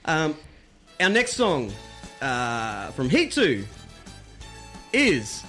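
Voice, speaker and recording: A man's voice: a little high, wildly swooping pitch, drawn-out words, bright, forceful tone, faint music behind. A man hosting a podcast, joking and teasing in casual chat. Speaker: podcast host.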